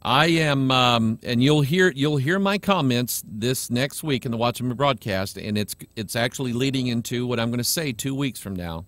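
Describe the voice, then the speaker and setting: Fiery preacher man, bright voice. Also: medium pitch, lively intonation, normal speed, hardly any pauses, no echo. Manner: fiery, blunt, mocks imagined critics. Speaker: pastor and webcast host. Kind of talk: preaching on a live webcast.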